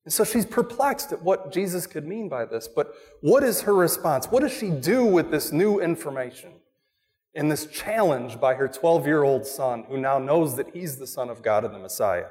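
A man preaching a sermon as a pastor, animated, asking the congregation questions and acting out quoted voices. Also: fairly high pitch, normal speed, big-room sound. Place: church.

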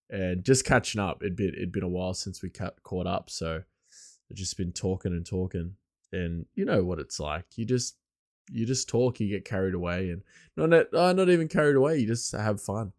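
A man hosting his podcast alone, rambling loosely and chuckling, his voice a bit hoarse. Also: low voice, expressive, normal speed, a little mellow, no room sound, clean studio sound. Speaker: podcast host. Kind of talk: casual podcast monologue.

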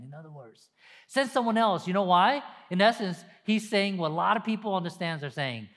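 A man preaching a sermon to a camera, animated and acting out people's excuses in quoted voices. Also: sits high, normal speed, in a large hall. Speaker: pastor. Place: empty room with long reverb.

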